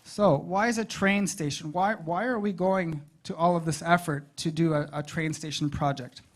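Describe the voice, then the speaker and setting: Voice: medium pitch, steady tone, moderate pace. A presenter giving a conversational talk at a public advisory meeting, stopping to ask the audience questions. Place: meeting room.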